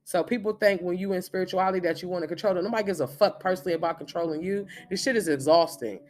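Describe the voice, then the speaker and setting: A man's voice: high voice, racing, darkish tone, faint music behind. Blunt, profane man in his thirties. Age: 30s. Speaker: spiritual reader and medium. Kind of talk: profane spiritual monologue.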